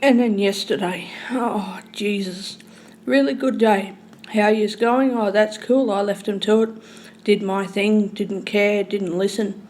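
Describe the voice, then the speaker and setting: A woman telling a long, rambling story in casual speech, swearing freely and swinging between loud and hushed. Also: medium pitch, fairly even intonation, unhurried, a little hiss or hum.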